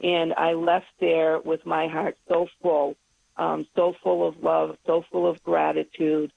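A woman's voice: low-pitched, little pitch movement, takes it slowly, creaky, breathy edge, no room sound. A woman calling into a radio show, heartfelt and gushing. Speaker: caller. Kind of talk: phone-in conversation. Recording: tinny phone line.

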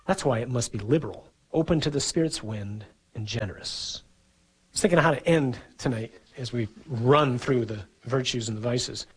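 A middle-aged man, a priest, giving an earnest, conversational sermon with a husky voice and the odd chuckle. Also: mid-range voice, moderate pace, rough recording.

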